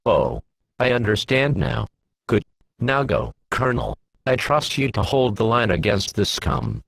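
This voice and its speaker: A man voicing a calm, stern Imperial brigadier who speaks in a measured, commanding way. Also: medium pitch, creaky, full character voice. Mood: calm authority.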